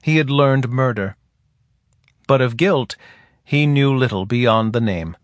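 A man narrating a novel in slow, even storytelling. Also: medium pitch, no echo, studio quality. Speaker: audiobook narrator. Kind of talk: scripted narration.

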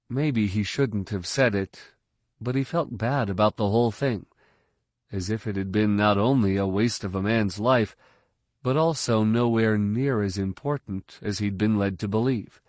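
This is scripted narration of a novel by a male audiobook reader whose voice is on the low side. He keeps a steady, measured delivery, captured in a dry, studio-quality recording.

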